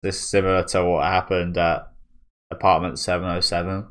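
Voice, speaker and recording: A man's voice: sits low, level tone, moderate pace, fairly bright tone. A young man hosting a manga reaction video, chatting casually and musing aloud with fillers and small chuckles. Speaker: manga reaction channel host.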